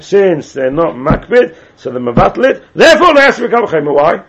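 A man's voice: on the high side, sing-song, a little fast, few pauses, fairly bright tone, breathy edge. A man teaching a Talmud class, chanting phrases in a sing-song way and repeating his questions to the students. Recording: dull lo-fi class recording.

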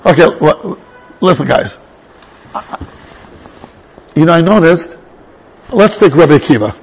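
A man teaching a Torah class in an animated way, restarting sentences and mixing in Hebrew terms. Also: a little high, measured pace, vocal fry, highs cut off, soft background music. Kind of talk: lively Torah lecture.

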